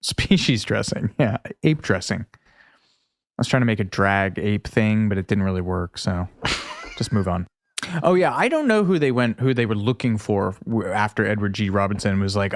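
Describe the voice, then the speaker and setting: Animated joking podcast co-host, low voice. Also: male voice, normal speed, dry recording, clean studio sound. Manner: joking, animated, many fillers. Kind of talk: casual chat.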